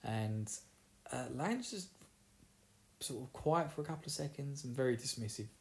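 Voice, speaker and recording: Man, Essex accent, warm low-key tone; casual recap, jokey, performs character lines. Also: expressive, normal speed. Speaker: book recapper. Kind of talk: casual chat.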